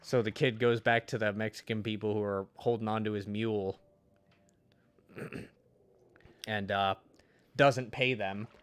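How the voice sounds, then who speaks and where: A man's voice: on the low side, steady tone, unhurried, pauses often, clear, resonant tone, no echo. A man streaming a game and chatting casually, retelling a story in a rambling, profane way full of restarts. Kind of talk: casual chat while gaming.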